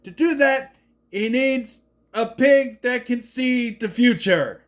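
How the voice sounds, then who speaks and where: A man in his thirties giving a rambling, sarcastic review of an animated film in a casual monologue. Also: very high-pitched, takes it slowly. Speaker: movie reviewer.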